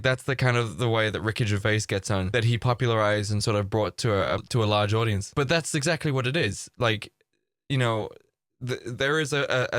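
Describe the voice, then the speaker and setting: A man hosting a reaction video, ranting in animated, sarcastic casual commentary and swearing freely. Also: mid-range voice, no echo, studio quality.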